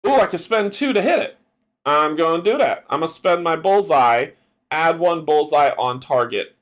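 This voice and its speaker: A man's voice: a little high, animated, normal speed. A man casually playing a solo card game adventure, thinking aloud and laughing often. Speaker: game player.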